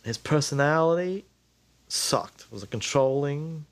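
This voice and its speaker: A man's voice: fairly high pitch, animated, a little slow. A man in a documentary interview, speaking candidly with some hesitation.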